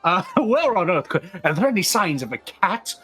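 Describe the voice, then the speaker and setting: A man's voice: sits high, sing-song, moderate pace, pushed and bright. A man playing a tabletop game, with a theatrical, exclamatory delivery. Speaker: player.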